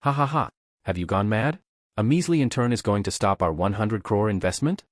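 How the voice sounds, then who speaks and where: A man's voice: fairly low pitch, animated, brisk, no echo, clean studio sound. Man reading as an arrogant, bullying investor. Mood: threatening. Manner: shouting, threatening.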